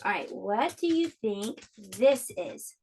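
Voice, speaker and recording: A woman teaching an online preschool lesson, speaking slowly and encouragingly to small children. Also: mid-range voice, very animated, darkish tone. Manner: slow, encouraging, clearly explaining to small children.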